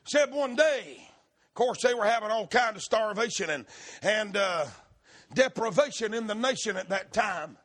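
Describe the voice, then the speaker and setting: A man preaching a sermon, shouting in rhythm and then dropping to quiet storytelling. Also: high-pitched, expressive, normal speed.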